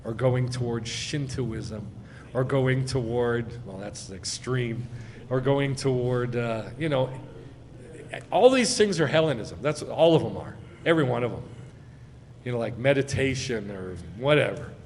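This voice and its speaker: A man giving a sermon as a rabbi, speaking with emphasis and swelling loud on key phrases. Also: medium pitch, expressive, measured pace, in a large hall, a little hiss or hum. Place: congregation sanctuary.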